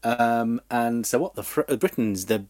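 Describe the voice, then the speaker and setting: A man, hosting a comedy history podcast, telling the story with frequent laughs and lively asides. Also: medium pitch, normal speed. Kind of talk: casual comedic history chat.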